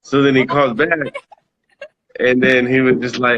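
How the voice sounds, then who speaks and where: A man's voice: mid-range voice, steady tone, quick pace, fairly bright tone. Laid-back swearing man, lo-fi sound. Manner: laid-back, swears freely, laughs often. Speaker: rapper being interviewed. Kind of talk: casual storytelling interview.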